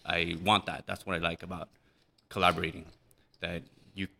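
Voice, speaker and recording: A man with a low voice and a bright, forceful tone chats casually on a podcast. He rambles, swears and laughs easily. A faint hiss of noise sits behind him. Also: flat delivery, normal speed, creaky. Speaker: band member guest.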